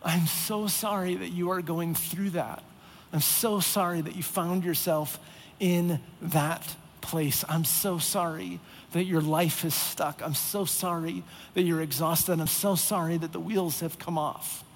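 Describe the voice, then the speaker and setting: A man's voice: a little high, fairly even intonation, a little slow, slight background noise. Earnest man preaching in a reverberant hall. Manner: earnest, repetitive emphasis, acts out exasperated voices. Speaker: pastor. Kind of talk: sermon. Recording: long reverb of a large hall.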